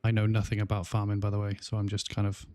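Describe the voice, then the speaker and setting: A man's voice: fairly low pitch, completely flat delivery, quick pace, a little mellow, no echo. A man with a South Welsh accent chatting casually on a gaming livestream, rambling with lots of fillers and restarts. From South Wales. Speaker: gaming streamer.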